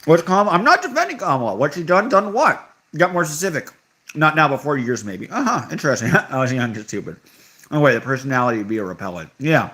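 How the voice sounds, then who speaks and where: Lively, offhand young man streaming live. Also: on the high side, fast. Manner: offhand, sarcastic, reacts to chat comments. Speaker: livestream host reading chat. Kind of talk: casual livestream chat.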